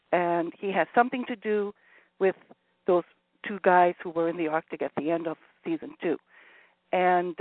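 A woman's voice: fairly low pitch, no echo. A woman calling in to a show, chatty, laughing and interrupting herself. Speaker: caller. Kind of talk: casual call-in chat. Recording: tinny phone line.

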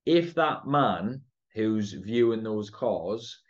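A man's voice: lowish voice, animated, extremely slow, lo-fi sound. A man with a Geordie accent giving a confident, emphatic podcast talk on sales, often checking in with "right?" and "okay?". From North East England. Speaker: podcast host and sales trainer.

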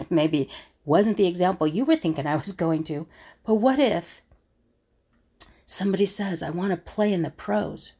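Husky, gravelly woman musing aloud. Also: on the low side, animated, unhurried, pauses often, a little mellow. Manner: musing, acts out others' scoffing remarks. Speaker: conflict resolution coach. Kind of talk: reflective solo monologue.

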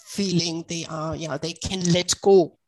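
A woman's voice: fairly low pitch, fairly even intonation, unhurried, a little mellow, slight background noise. A woman practitioner explaining her method as an interview guest, reassuring and passionate.

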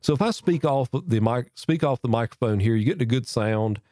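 In a casual, folksy lesson to camera, an expressive podcast host covers mic technique at a normal pace, speaking into a boom-arm microphone with a foam cover close to his face and repeating and restarting as he shows how it's done. His tone is warm, and the clean studio sound has no room noise.

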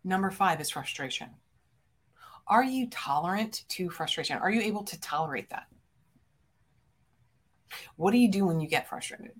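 A woman's voice: lowish voice, lively intonation, moderate pace, pauses often, husky. Direct, emphatic middle-aged woman coach. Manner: direct, emphatic, swears casually. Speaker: business coach and podcast host. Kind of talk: motivational podcast monologue.

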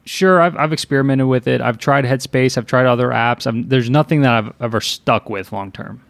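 A man's voice: mid-range voice, brisk, gravelly, no room sound. A man hosting a casual podcast chat, upbeat as he wraps up the episode with plugs for the show. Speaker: podcast host.

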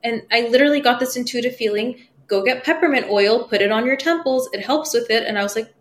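A spiritual medium appears as a podcast guest, speaking fast in a slightly high voice. She's casual and expressive, acting out her own inner dialogue and swearing offhandedly.

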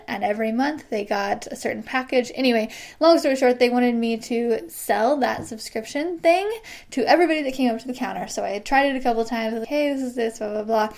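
A woman's voice: fairly high pitch, creaky. Upbeat woman host in her thirties, chatty solo podcast, laughs easily. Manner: bubbly, laughs often, acts out quoted excited voices. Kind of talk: casual solo podcast monologue.

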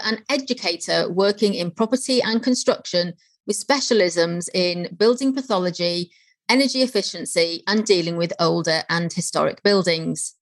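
A woman from North Wales with a Welsh accent, hosting a podcast interview in a chatty way and laughing easily. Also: medium pitch. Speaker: podcast host. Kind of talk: casual interview chat.

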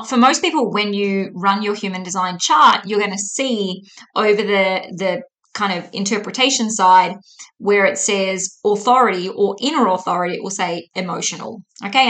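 A woman's voice: medium pitch, moderate pace, sharp tone. A woman in her thirties hosting a solo podcast, explaining things in a chatty way and often checking in with "okay?". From Australia. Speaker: podcast host.

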